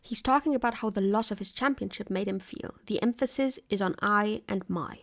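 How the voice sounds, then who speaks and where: A woman's voice: mid-range voice, fairly quick, background noise. A woman narrating a scripted video essay, analytical and wry.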